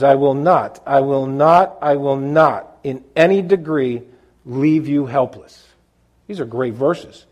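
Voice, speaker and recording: A man's voice: fairly high pitch, a little mellow. A middle-aged man preaching a sermon, asking his listeners questions and restarting sentences with fillers.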